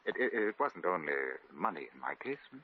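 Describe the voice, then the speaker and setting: A man's voice: low-pitched, big pitch swings, fairly quick, husky, exaggerated voice. An actor playing a genteel, lovestruck English lord in a 1950s radio drama, fussy and stammering as he dotes on his sweetheart. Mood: doting. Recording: dull old radio recording.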